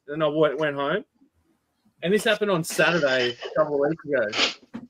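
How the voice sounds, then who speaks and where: An Australian man in casual podcast chat, swearing freely as he tells an animated story. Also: a little high, a little fast, a little hiss or hum.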